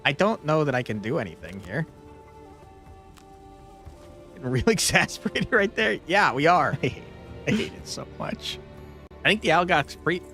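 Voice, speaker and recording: A man with a higher, gravelly voice rants through his turns, and his pitch swings wildly as the game frustrates him. Background music plays softly under his commentary. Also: sing-song, a little fast. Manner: exasperated, swears and yells at the game. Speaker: streamer. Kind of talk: gameplay commentary.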